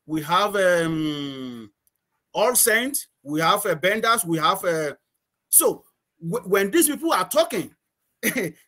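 High-voiced Nigerian man telling stories. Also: sing-song, takes it slowly, pushed and bright. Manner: rambling, repeats words, laughs often. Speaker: guest. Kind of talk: casual interview chat.

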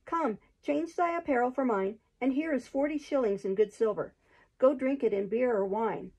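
A woman's voice: fairly high pitch, moderate pace, warm tone, husky, poor audio. A woman voicing a bold, merry male outlaw leader who speaks in hearty exclamations, read aloud from a storybook.

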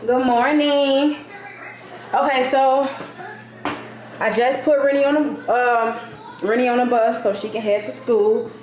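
A woman's voice: a little high, steady tone, measured pace, a little mellow, faint music behind. A woman vlogger talking casually and candidly to her viewers, venting about her day. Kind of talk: casual vlog chat. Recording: echoey room, mic at a distance.

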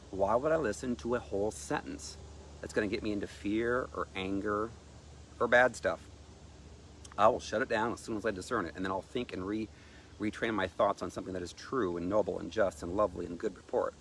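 Emphatic low-voiced male preacher. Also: brisk, slight background noise. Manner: emphatic, reads scripture aloud. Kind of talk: sermon-style teaching.

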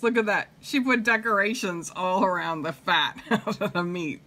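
A woman reading a picture book aloud to children, pausing to comment and ask them questions. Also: medium pitch, fairly bright tone. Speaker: reader.

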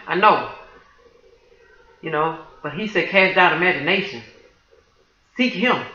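A woman's voice: fairly low pitch, bright, forceful tone. A woman pours out praise and testimony to her online viewers with fervent exclamations. Her voice is tense and piercing. The home recording sounds dull and lo-fi in a reverberant room. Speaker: Christian video creator sharing a prophetic dream.

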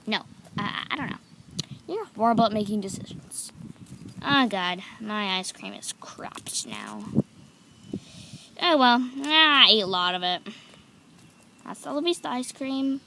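A woman voicing every figure in a homemade toy-figure story, excitable and giggly as she jumps between playful character voices. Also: a little high, moderate pace, noisy background. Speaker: toy video creator voicing all figures.

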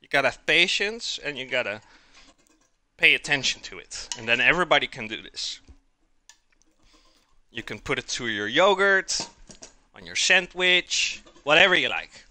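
A man's voice: medium pitch, very animated, moderate pace, pauses often, bright, forceful tone. A man with a Dutch accent from the Netherlands, hosting a live cooking stream, chatting with viewers while eating, sometimes with his mouth full. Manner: chatty, reads out and answers chat while eating.

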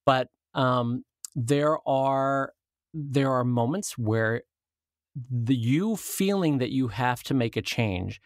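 A man's voice: medium pitch, takes it slowly, dry recording, studio quality. A man co-hosting a casual podcast, telling stories in a jokey way and acting out quotes. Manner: storytelling, jokey, acts out quotes. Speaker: podcast co-host, cartoonist.

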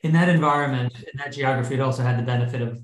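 Measured male director guest, thoughtful and unhurried, roomy echoey sound. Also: mid-range voice, fairly even intonation. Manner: measured, reflective, with pauses and restarts. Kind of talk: thoughtful interview answers.

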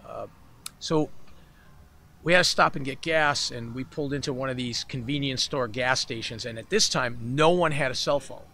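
A man's voice: mid-range voice, moderate pace. A man, a podcast guest, tells a long story in a casual interview and acts out the voices of the people in it. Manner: animated storyteller who acts out the voices in his anecdotes. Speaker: podcast guest, keyboard player. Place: festival grounds, outdoors or backstage.

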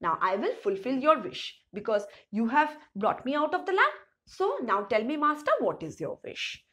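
A woman teacher voicing a huge male genie of the lamp who speaks slowly and formally to his master. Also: a little high, very animated, fairly bright tone. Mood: solemn. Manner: slow, formal address to a master.

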